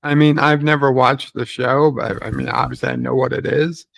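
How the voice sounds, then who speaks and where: A man chatting casually on a livestream, joking and quick with asides. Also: mid-range voice, steady tone, gravelly, fairly bright tone.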